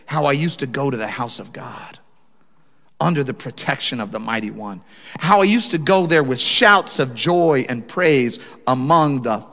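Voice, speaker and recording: A man preaching a sermon, telling a personal story and speaking straight to his congregation in an animated way. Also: a little high, in a large hall. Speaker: pastor.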